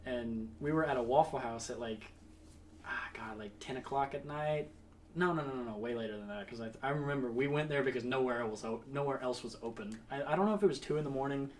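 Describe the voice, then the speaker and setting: A man's voice: medium pitch, quick pace, far from the mic, slight background noise. A young man casually telling a funny story to friends, laughing often and acting out what people said. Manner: animated, laughs a lot, acts out quotes.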